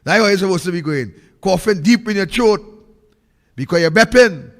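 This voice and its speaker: A man's voice: high voice, expressive, moderate pace, a bit bright, long reverb tail. A man with a Trinidadian accent hosting a political commentary show, ranting in a fiery, repetitive way that sometimes turns sing-song. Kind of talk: impassioned political monologue.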